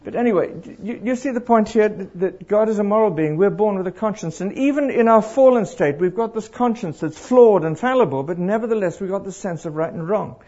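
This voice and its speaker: Lively husky-voiced male preacher. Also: sits high, a little fast, hardly any pauses. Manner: animated, asks the crowd questions. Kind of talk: interactive sermon. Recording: dull lo-fi live recording.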